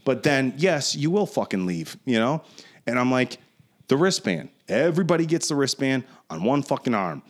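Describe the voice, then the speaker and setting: A man in his forties on a casual podcast telling a profane, animated story. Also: mid-range voice, moderate pace. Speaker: podcast host.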